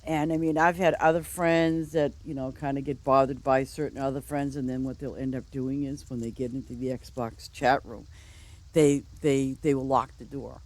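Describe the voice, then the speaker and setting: A woman's voice: extremely low pitch, level tone, moderate pace, a little mellow. A woman game streamer chatting casually and telling rambling stories, full of "you know" and restarts. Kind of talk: casual storytelling chat.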